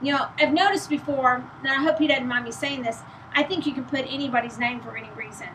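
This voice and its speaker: Chatty Texan woman, weak voice pushed loud. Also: high voice, fast, slight background noise, rough recording. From East Texas. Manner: speaking loudly to carry, chatty and rambling. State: weak voice from illness, out of breath. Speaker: host. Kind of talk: casual chat to camera.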